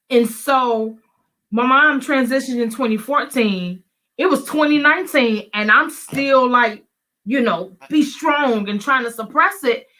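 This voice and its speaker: Pastor's wife, super bright sharp voice, pretty high, talking earnest and straight to the listeners. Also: female voice. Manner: earnest, direct address to listeners. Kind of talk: candid conversational testimony.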